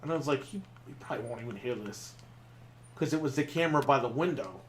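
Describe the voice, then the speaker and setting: A man's voice: medium pitch, expressive, quick pace, a little hiss or hum. Casual swearing male gaming podcast co-host. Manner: swearing, storytelling with laughs. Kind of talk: casual chat while playing a game.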